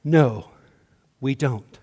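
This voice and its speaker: A man delivering a sermon as minister, slow and measured, his voice often dropping to a hush at the ends of lines. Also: mid-range voice, slightly rough, in a large hall. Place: church sanctuary.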